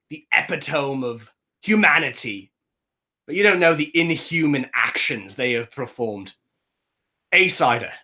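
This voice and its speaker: A man voicing a grandiose rebel who slowly and persuasively lures a stranger to his side, in a tabletop game. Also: on the high side, sharp tone, exaggerated voice.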